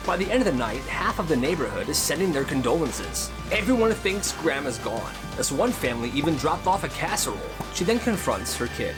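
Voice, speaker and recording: Guy telling wild school stories, higher voice, super animated, music playing under. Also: fairly quick, hardly any pauses. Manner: animated, dramatic, wry asides. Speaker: storyteller. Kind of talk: storytelling narration. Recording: music clearly behind voice.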